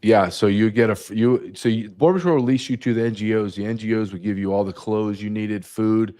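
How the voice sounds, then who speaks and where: A man's voice: lowish voice, a little fast, dark tone. A man speaking as a guest, emphatic and repeating key numbers for effect. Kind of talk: emphatic interview talk.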